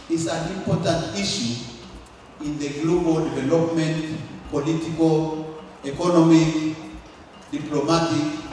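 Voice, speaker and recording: A man's voice: a little high, a little mellow, slight background noise. A man gives an emphatic public speech at an awareness meeting and builds up long lists. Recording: echoey hall, mic far off, faint music.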